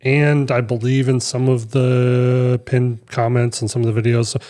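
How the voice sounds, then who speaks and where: A man's voice: mid-range voice, flat delivery, normal speed, mellow. Rambling man co-hosting a casual podcast. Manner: rambling storyteller, many fillers and restarts. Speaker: podcast co-host. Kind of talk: casual chat.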